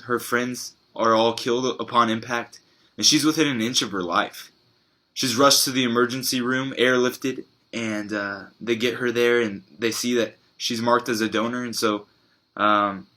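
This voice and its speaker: A man preaching a sermon, telling a story in an earnest, halting way with pauses and fillers. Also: medium pitch, pushed and bright.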